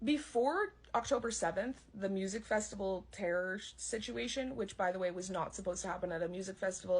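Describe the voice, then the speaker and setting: A woman's voice: medium pitch, a little fast, few pauses. Profane, ranting woman. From Canada. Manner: heated, profane, sarcastic. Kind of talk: ranting monologue.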